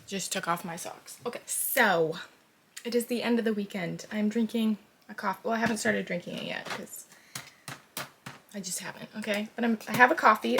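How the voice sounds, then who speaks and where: Young woman book vlogger, bright and chatty, lots of fillers and excited bursts, talking at home with faint noise behind her. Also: on the high side, normal speed, creaky. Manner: chatty and expressive, with frequent fillers and sudden excited outbursts. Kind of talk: casual reading vlog chat. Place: home, indoors.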